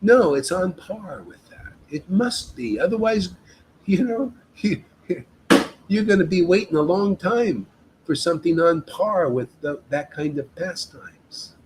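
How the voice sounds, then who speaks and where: A man's voice: high-pitched, animated, measured pace, darkish tone, a little hiss or hum, low-quality recording. A man leading a devotional meetup, giving an informal spiritual talk in an emphatic, exhorting way and often addressing listeners as "man".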